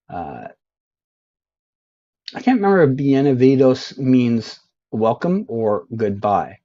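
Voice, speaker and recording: A man streaming a geography game, joking and mocking himself as he sounds out signs in slow, mangled Spanish. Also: mid-range voice, big pitch swings, warm tone, highs cut off. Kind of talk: casual live-stream commentary.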